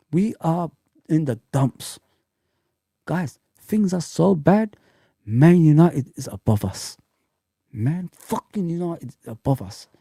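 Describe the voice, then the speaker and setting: Gravelly, heated man ranting. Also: fairly high pitch, no echo. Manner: heated swearing rant, shouts when angry. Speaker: fan channel host. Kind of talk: live chat rant.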